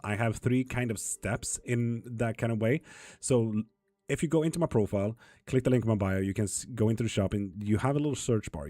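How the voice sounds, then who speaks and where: Low husky man answering a live chat. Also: mellow. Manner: reads viewer comments aloud and answers them, swears casually. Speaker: tarot reader streaming live. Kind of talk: casual livestream chat reading comments.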